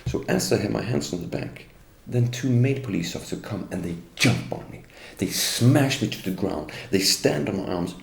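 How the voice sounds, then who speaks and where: A middle-aged Norwegian man, native in Norwegian, speaks English in a fairly low, expressive voice with vocal fry, at a moderate pace and barely pausing. As an interviewee he gives a bitter, indignant first-person account, turning to address the police directly. The recording has a roomy echo and faint ambience.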